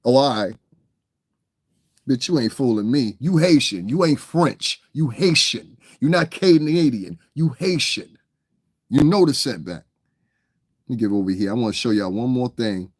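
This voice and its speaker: A man's voice: mid-range voice, no echo, studio quality. A man with a New York accent giving blunt, profane livestream commentary, often tagging lines with "you understand what I'm saying". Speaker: online commentator.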